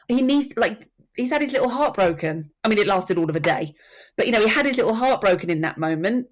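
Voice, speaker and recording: Woman guest, earnest storyteller, mid pitch, chatty podcast guest. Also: lively intonation, a little fast. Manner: earnest storytelling, acts out quotes. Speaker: soul midwife and death educator. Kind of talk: podcast conversation.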